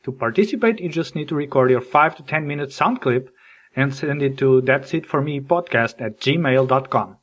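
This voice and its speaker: A man's voice: mid-range voice, normal speed, muffled recording. A man from Portugal, a podcast host, performing a scripted comedic monologue with jokey storytelling. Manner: animated, jokey storytelling with mock voices.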